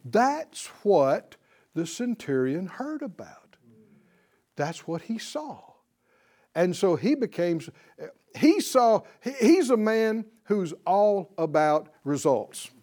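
A man delivers a Bible lesson in a preaching style, his high voice swinging widely in pitch as he stresses key words. He keeps turning to his listeners for a response. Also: very animated, slow, dark tone. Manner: calls out to the audience for responses; emphatic, rising on key words. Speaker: Bible teacher.

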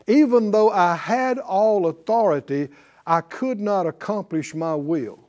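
A man preaching a sermon as pastor, animated and asking the congregation rhetorical questions. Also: high-pitched, a little slow.

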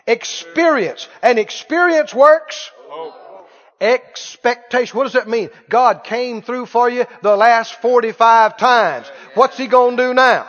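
A man preaching a sermon as pastor, emphatic, repeating his phrases and shouting at the high points. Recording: dull lo-fi sound with long hall reverb.

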